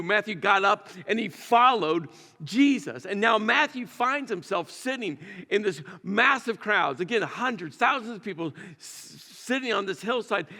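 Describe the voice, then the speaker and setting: A man's voice: high voice, pushed and bright, big-room sound. A man preaching a sermon in a conversational, storytelling way, with emphatic repetitions. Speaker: pastor. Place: church sanctuary.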